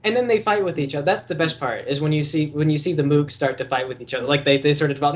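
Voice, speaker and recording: A man casually chatting on a podcast about role-playing games, quick and laughing between lines. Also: fairly high pitch. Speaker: podcast co-host. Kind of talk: casual chat.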